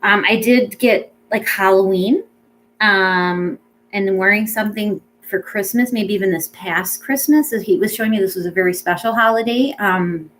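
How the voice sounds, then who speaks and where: A woman speaking as a pet psychic medium in a casual reading, chatty and rambling with many ums, gentle and reassuring. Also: medium pitch, moderate pace, poor audio.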